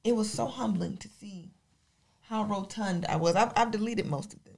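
A woman's voice: mid-range voice, normal speed, vocal fry, darkish tone. Wry self-deprecating woman co-host. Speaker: podcast co-host. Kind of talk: casual podcast chat.

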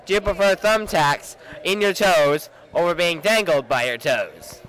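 A teenage boy with a high voice joins a casual, goofy chat outdoors. He teases his friend with mock-serious questions. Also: expressive, unhurried, fairly bright tone, rough recording. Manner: teasing, jokey questioning. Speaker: co-host asking questions.

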